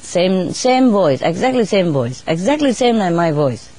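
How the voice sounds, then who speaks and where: Chatty, laughing woman with lower voice. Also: sing-song, unhurried, darkish tone. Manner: laughs often between phrases; non-native English with dropped grammar. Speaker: bird keeper telling stories. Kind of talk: casual storytelling.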